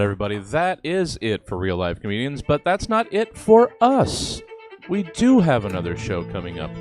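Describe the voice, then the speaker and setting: A man hosting a comedy theater, wrapping up the night with announcements and upcoming shows. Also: mid-range voice. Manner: upbeat promotional wrap-up. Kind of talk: closing announcements. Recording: music playing under the voice. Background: guitar music.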